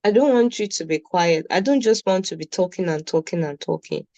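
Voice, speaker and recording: A woman's voice: on the low side, animated, fairly quick, a little mellow, dry recording, poor audio. A woman with a Nigerian accent teaching a beginner German class, patiently repeating words for her students. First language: Nigerian English speaker.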